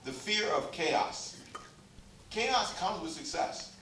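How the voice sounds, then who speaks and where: A pastor preaching a humorous, exhorting sermon in a church sanctuary and drawing the congregation into call and response. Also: male voice, high-pitched, lively intonation, takes it slowly, bright, forceful tone, a little hiss or hum. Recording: echoey church hall, mic far off.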